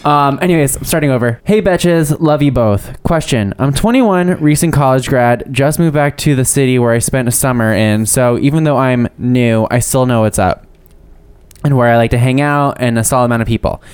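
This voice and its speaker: A man co-hosting a podcast in casual chat, reading listener letters and an ad, animated and playful, laughing often. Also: mid-range voice, brisk, clean tone. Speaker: podcast co-host.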